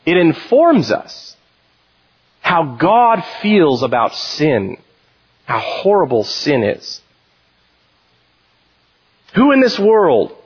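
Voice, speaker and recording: Husky guy preaching, voice swings up and down a lot, dull lo-fi sound. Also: high-pitched. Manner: animated preaching, reading scripture aloud. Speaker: pastor. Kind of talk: sermon.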